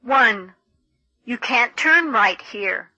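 A woman reading English textbook listening passages in a clear, deliberate way. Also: fairly high pitch, expressive, pushed and bright, no echo, lo-fi sound. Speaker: textbook audio reader. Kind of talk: scripted textbook narration.

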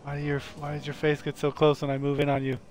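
A man's voice: a little high, monotone, quick pace, a little mellow, soft background music. A man casually commenting while he plays a game live, joking and talking to the characters on screen. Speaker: streamer playing a game.

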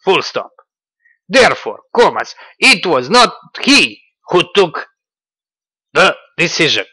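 A man reading out quotes as a pompous male ideologue, declaiming slowly and loudly. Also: a little high, big pitch swings, slightly rough, no room sound, voice pushed up, full character voice. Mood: grandiose. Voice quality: declamatory, slow and loud.

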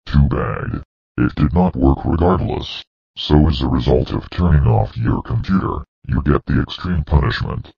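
A male text-to-speech voice playing a furious purple dinosaur scolding the user, with a flat robotic delivery. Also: moderate pace, dull audio, heavily acted. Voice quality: very deep, gravelly synthetic voice.

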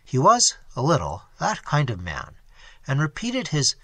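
A man reading a classic story aloud as the narrator, in a measured, expressive way. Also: on the high side, no echo.

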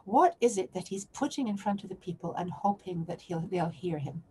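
A woman's voice: lowish voice, lively intonation, moderate pace, mellow, slightly rough. A woman lecturing on a biblical text to a remote audience, often restarting and posing questions as she searches for words.

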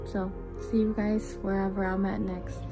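A woman's voice: mid-range voice, little pitch movement, moderate pace. A woman in her twenties chatting casually to her viewers in a vlog, full of fillers. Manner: chatty, filler-heavy, talks straight to viewers. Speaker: vlogger. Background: background music.

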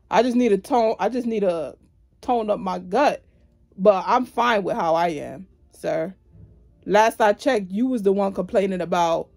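A woman's voice: medium pitch, creaky, dark tone. Woman vlogger, indignant and sassy, casual storytime rant delivered straight to the camera.

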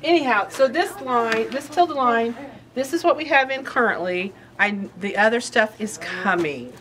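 A woman's voice: fairly high pitch, animated, moderate pace, fairly bright tone. Chatty rambling woman host. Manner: bubbly, rambling, easily sidetracked. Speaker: quilt shop host. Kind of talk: casual chatty product show-and-tell.

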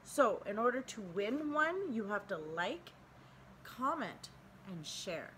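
A chatty, enthusiastic woman from Canada talks through a casual beauty unboxing at home, her pitch sitting mid-range. The home video carries a clear hum of background noise behind her voice. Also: big pitch swings, slow, fairly bright tone, poor audio. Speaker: beauty channel host.

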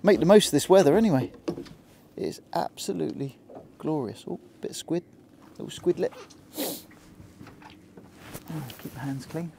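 A man's voice: fairly high pitch, animated, moderate pace, creaky, long pauses, background noise. Chatty Hampshire man fishing from a boat. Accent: Hampshire English. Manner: chatty and easygoing, talks to the fish and the viewer. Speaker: angler vlogger. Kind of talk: casual running commentary while fishing. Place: small boat out at sea.

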